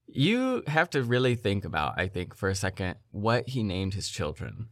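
A man hosting a podcast, telling stories in an animated, incredulous way in casual chat. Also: fairly low pitch, moderate pace, few pauses, no room sound, clean studio sound. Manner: animated, incredulous, laughing storyteller. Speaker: podcast host.

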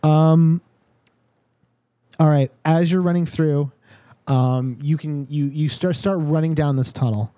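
A man's voice: on the high side, slow pace, long pauses, dark tone, dry recording. A man narrating a tabletop game as dungeon master, laid-back and casually swearing.

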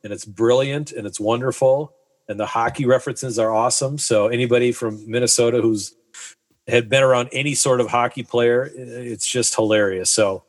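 A man's voice: medium pitch, steady tone, normal speed. Enthusiastic man recommending a show. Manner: enthusiastic recommender, piles on praise. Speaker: podcast co-host. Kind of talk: casual chat.

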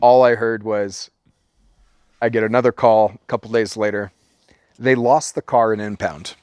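A man from Orange County, California, telling a profane story as a podcast guest in a casual, animated way. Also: on the low side, moderate pace, clean tone, dry recording.

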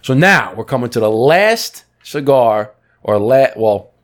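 A man's voice: medium pitch, big pitch swings, unhurried. A man co-hosting a podcast, talking with enthusiasm and describing flavors in detail. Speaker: podcast co-host. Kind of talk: casual chat.

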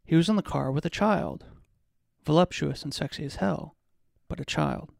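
A man, a podcast host, reading a novel excerpt aloud at a measured pace, with occasional restarts. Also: fairly high pitch, creaky, darkish tone, no room sound, studio quality.

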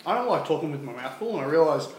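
A man's voice: fairly high pitch, lively intonation, very fast, a little mellow. A young man co-hosting a casual podcast, joking and chatty. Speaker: podcast co-host. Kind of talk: casual chat. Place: room in a house, echoey. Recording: echoey room, faint hiss.

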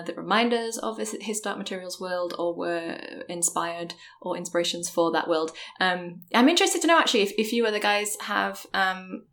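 Lady podcaster chatting, kinda low voice, lots of ums. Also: fairly bright tone. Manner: hesitant, many ums and restarts. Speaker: podcast co-host, guest. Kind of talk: casual podcast chat.

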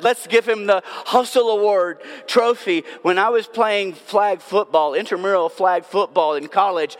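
A man, a pastor, preaching a sermon, telling self-mocking stories and then dropping to hushed, drawn-out words. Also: sits high. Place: church sanctuary. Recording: long hall reverb.

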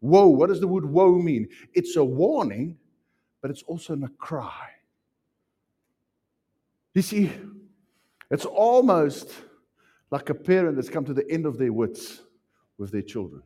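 A man preaching a sermon as pastor, animated and acting out little voices as he teaches. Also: fairly high pitch, measured pace, pauses often, husky. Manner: animated, acts out voices, laughs often.

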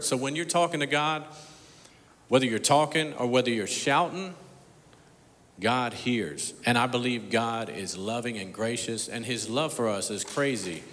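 A male pastor delivers a storytelling sermon from a church sanctuary. His middle-pitched voice drops to near-whispers and then climbs to loud, emphatic peaks. A long reverb trails every phrase through the big hall. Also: lively intonation, unhurried.

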